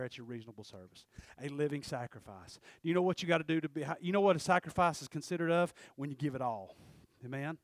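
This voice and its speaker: A man's voice: mid-range voice, no room sound, studio quality. A man preaching a sermon, folksy and fiery, often calling out "Amen?" to the congregation.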